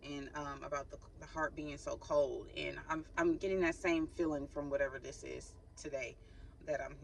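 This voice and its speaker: A woman's voice: sits low, fairly even intonation, normal speed, vocal fry, slight background noise, rough recording. A woman hosting a spiritual channel, giving viewers a casual spoken reading in a chatty, loose way with informal slang.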